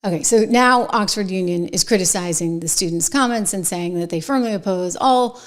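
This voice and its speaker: Speaking at medium pitch and a normal pace, a middle-aged woman hosts a political commentary show of her own. Her tone is sarcastic and indignant, heavy on emphasis, alternating between quiet whispers and loud bursts.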